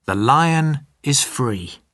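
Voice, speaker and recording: Slow, lively storybook narrator man. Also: medium pitch, no room sound, studio quality. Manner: slow, clear, lively reading for learners. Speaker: textbook audio narrator.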